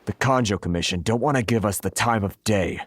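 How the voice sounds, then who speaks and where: A man's voice: on the low side, fairly quick, natural voice. A man playing a worried merchant. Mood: anxious. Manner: sighing, anxious. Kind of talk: video game voice acting.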